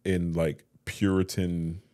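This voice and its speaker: A man co-hosting a podcast, chatting casually and joking, blunt and quick to swear. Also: low-pitched, little pitch movement, mellow. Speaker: podcast co-host.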